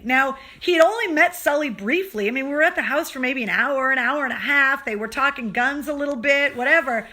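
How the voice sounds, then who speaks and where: Bright, animated woman telling a story. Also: sits high, moderate pace. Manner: animated, acts out dialogue, gets loud and excited. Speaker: host. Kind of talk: casual storytelling on a livestream. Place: home, on a live stream.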